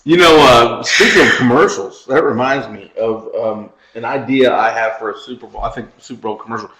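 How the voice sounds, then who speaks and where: A man's voice: medium pitch, fairly quick, reverberant, a crowd in the background, low-quality recording. A man co-hosting a podcast in casual chat, rambling through a story and laughing at his own jokes. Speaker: podcast co-host.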